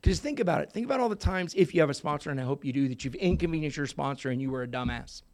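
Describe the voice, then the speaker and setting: A man in his sixties telling a story at a recovery meeting, animated and profane, swinging from hushed asides to loud outbursts. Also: a little high, very fast. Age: 60s. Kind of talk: storytelling talk.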